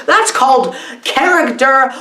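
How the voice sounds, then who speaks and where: A woman's voice: sits high, slow. Sarcastic woman rambling in an echoey room. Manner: mock-earnest and sarcastic, with deadpan asides. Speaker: comedic film reviewer. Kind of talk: comedic rambling film review.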